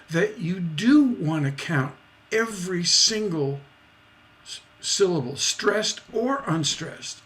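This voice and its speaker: A man leads a livestreamed songwriting lesson at an unhurried pace. His speaking voice sits a little high, and he often breaks into scatted rhythms and short sung lines to make his points. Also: fairly bright tone. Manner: scats rhythms and sings snippets to demonstrate; slow, deliberate explaining. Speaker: songwriting teacher.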